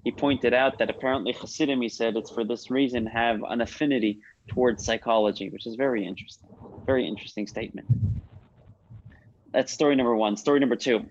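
Man, religious teacher, conversational storytelling, asks the class questions, mid pitch, slightly dull sound. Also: steady tone, fast talker. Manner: conversational, with frequent restarts and rhetorical questions. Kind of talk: informal religious lesson with stories. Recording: slightly muffled recording with faint noise.

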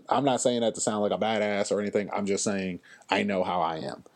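Low-voiced man, casual blunt storyteller. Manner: animated storyteller, slangy and blunt; frequent fillers and pauses. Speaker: podcast host. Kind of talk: casual chat.

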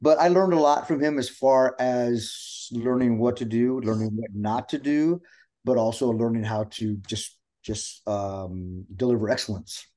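A man's voice: mid-range voice, measured pace. A middle-aged man, a pro wrestler guest, chatting casually and acting out the voices of people in his stories. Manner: animated storyteller acting out quotes. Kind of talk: casual chat.

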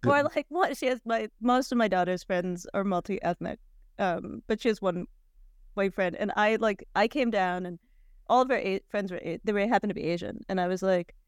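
A woman in her forties hosting a podcast, telling stories in a chatty, animated way with lots of fillers. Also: medium pitch, normal speed, clear, resonant tone, dry recording, studio quality. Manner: chatty, animated storytelling with frequent "like" and laughs. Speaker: podcast host. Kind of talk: casual chat.

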